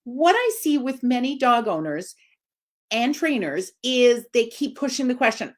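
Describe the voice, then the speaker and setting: Expressive woman dog trainer, bright pitch. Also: unhurried. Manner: expressive, swings up high for emphasis. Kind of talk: informal live video talk to followers.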